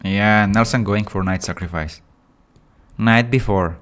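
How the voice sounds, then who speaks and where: A man with phrasing giving excitable, animated live commentary on a chess game. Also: lowish voice, measured pace. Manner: animated, excitable, with non-native English phrasing.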